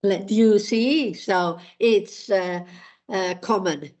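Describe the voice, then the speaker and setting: A woman teaching a language lesson, explaining patiently with many pauses and fillers. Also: mid-range voice, a little mellow. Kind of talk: online language lesson with repeat-after-me drills.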